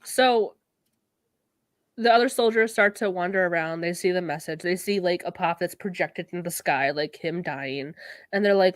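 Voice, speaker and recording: A woman's voice: fairly low pitch, moderate pace, no echo. A woman co-hosting a podcast, recapping an episode in casual chat and swearing freely. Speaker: podcast co-host.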